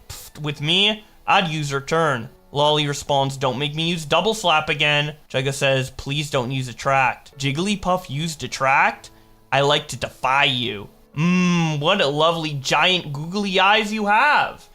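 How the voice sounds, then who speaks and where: A young man with a fairly high, bright and forceful voice reads chat logs aloud for a commentary video. He delivers them mockingly and jumps into quick exaggerated voices for the quoted lines. Faint music plays underneath. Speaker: commentary host.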